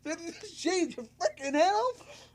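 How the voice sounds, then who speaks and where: A man's voice: very high-pitched, big pitch swings, takes it slowly. A man co-hosting a wrestling podcast, laughing often and repeating himself as he talks. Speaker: podcast co-host. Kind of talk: casual wrestling chat.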